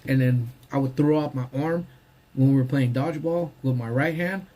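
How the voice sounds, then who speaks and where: A man's voice: mid-range voice, normal speed, warm tone. Laid-back man chatting on a live stream. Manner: laid-back, slangy, greets viewers by name. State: talking while eating. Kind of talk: casual live-stream chat. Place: parked car.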